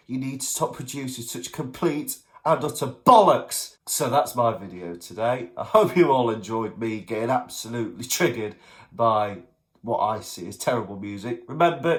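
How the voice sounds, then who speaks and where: A young man reviews songs in his vlog, ranting in a blunt, exasperated way and climbing into shouts when he gets worked up. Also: mid-range voice. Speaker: vlogger.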